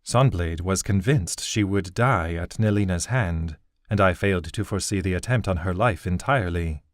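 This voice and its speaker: A man voicing an old, fatherly elven king and seer who speaks in a measured, grave way. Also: deep voice, dry recording, clean studio sound, natural voice.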